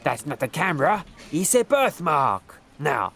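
A man's voice: on the high side, very animated, measured pace, creaky, a bit bright, heavily acted. A man playing a sly young dating-app woman. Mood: coy.

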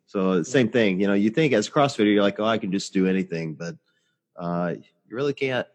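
A man's voice: on the low side, a little fast, long reverb tail. A man in his forties, a podcast host telling stories in casual chat, blunt and swearing freely. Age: 40s.

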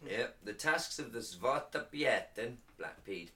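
A man's voice: medium pitch, lively intonation, slow, bright, forceful tone. A man co-hosting a casual podcast, reading notes aloud, laughing often and stumbling over foreign words. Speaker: podcast co-host.

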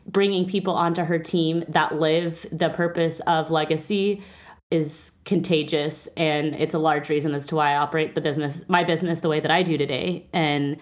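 A woman's voice: sits low, fairly even intonation, moderate pace. A woman hosting a casual interview, talking earnestly and getting emotional at times. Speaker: podcast host.

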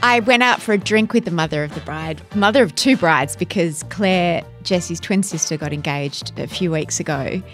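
A woman's voice: lowish voice, normal speed, hardly any pauses, faint music behind. A middle-aged woman co-hosting a podcast, talking in an effusive, emotional, storytelling way. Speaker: podcast co-host. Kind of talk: casual chat.

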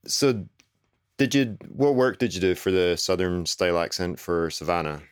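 A man asking an interview question in a hesitant, halting way. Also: sits low, animated, clear, resonant tone, no room sound, studio quality.

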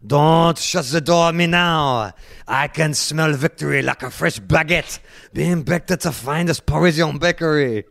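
A man's voice: on the high side, unhurried, vocal fry, a bit bright, no echo, studio quality. A man putting on a hammy French accent as a footballer who pleads for one more chance and claims a lisp. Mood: pleading. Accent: put-on French. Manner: theatrical, over-the-top, lisping.

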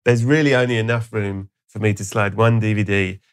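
Gravelly-voiced man telling a comic story. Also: fairly low pitch, fairly even intonation, a little fast. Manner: spins absurd stories, dropping to hushed voices. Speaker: podcast host.

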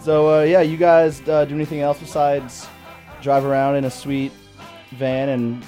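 Mellow laid-back male radio host. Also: on the high side, little pitch movement, moderate pace, soft background music. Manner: laid-back, laughs often, asks easy questions. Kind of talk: casual interview chat. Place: small radio studio.

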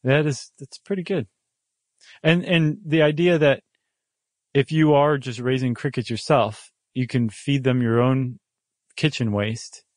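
A man co-hosting a podcast in casual, playful chat, joking and animated. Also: medium pitch, unhurried, no room sound, clean studio sound. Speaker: podcast co-host.

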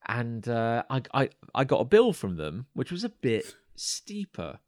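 A man's voice: mid-range voice, huge pitch swings, measured pace, darkish tone, dry recording, clean studio sound. A man co-hosting a podcast, telling a long anecdote in casual chat, stumbling over restarts and acting out what others said. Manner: rambling anecdote with stammered restarts and acted quotes. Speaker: podcast co-host.

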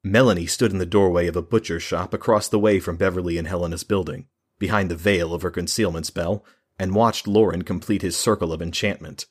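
A man reading a fantasy novel aloud as an audiobook narrator, in a steady, measured way. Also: low-pitched, husky.

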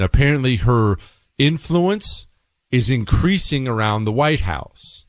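A man hosting a political talk radio show, animated and exasperated, joking with listeners, with a drawl. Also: mid-range voice, slow pace, dry recording.

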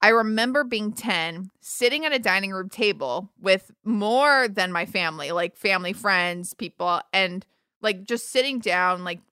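Woman cohost telling silly stories, keeps giggling, bright voice, dry close sound. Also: medium pitch, lively intonation, measured pace, clear, resonant tone, dry recording. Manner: giggly, storytelling with frequent laughs. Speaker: podcast co-host. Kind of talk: casual chat.

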